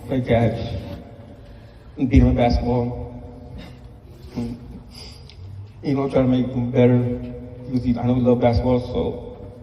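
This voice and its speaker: A man speaking as a father at a funeral, soft-spoken and halting, with many pauses in plain everyday speech. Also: mid-range voice, dull audio, slight background noise. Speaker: father giving a eulogy. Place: church or funeral hall. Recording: echoey hall, mic at a distance.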